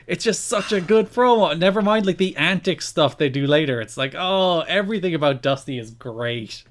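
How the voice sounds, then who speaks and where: A young adult man co-hosting a podcast, recapping wrestling shows in casual chat and telling the story with lively enthusiasm. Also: a little high, moderate pace. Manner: enthusiastic, animated storyteller who acts out quotes. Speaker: podcast co-host.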